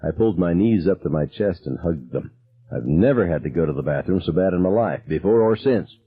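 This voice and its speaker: A man reading a first-person novel aloud as an audiobook narrator, in measured, low-key storytelling. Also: lively intonation, slightly rough, no room sound, soft background music. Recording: tinny, phone-like narrow sound.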